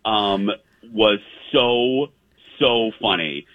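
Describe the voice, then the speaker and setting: A man's voice: lowish voice, expressive, extremely slow, no room sound. A man hosting a casual show, telling a long story in a rambling way with many fillers and restarts. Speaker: host. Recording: dry tinny phone-like line.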